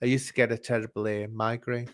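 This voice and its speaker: A man with a Scouse accent hosting a stream, chatting in a rambling, animated way. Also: mid-range voice, fast, dry recording. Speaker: stream host. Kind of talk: casual chat.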